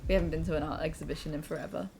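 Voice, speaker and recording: A woman's voice: sits low, fairly even intonation, racing, vocal fry, very noisy. A young woman co-hosting a game stream, chatting in a bubbly, gushing way. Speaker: streamer co-host. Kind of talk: casual chat while playing a video game.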